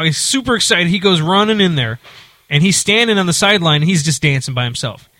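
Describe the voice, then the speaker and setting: A man chats casually, spinning a long anecdote with frequent fillers and false starts. His voice is bright and a touch higher than most. The sound is dry and close. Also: dry recording. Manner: rambling, many fillers and restarts. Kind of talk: casual storytelling chat.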